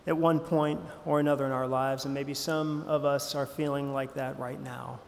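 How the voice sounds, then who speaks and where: A man's voice: on the high side, long reverb tail. A man preaching a sermon as pastor, talking in a conversational way with frequent fillers and restarts, heard in a church sanctuary.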